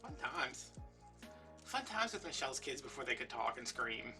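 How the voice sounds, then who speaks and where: A man's voice: mid-range voice, big pitch swings, moderate pace. A man chatting in a rambling, filler-heavy way while he works on a craft project at home. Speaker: crafting YouTuber. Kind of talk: casual chat while crafting. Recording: distant mic with soft background music.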